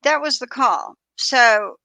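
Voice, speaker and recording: An older woman hosts true-crime commentary and reads transcripts aloud in an earnest, deliberate way. Her voice is bright and her pace is unhurried. The sound is dry and close. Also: high-pitched, creaky, dry recording, rough recording. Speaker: video host.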